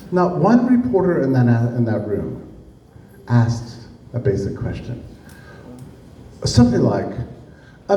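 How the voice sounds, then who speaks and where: A man's voice: mid-range voice, normal speed, slight background noise. A man giving a storytelling talk to a live audience, acting out the people he quotes. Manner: animated, acts out the people he quotes. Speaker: speaker giving a public talk. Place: room with an audience. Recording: echoey room, distant mic, faint ambience.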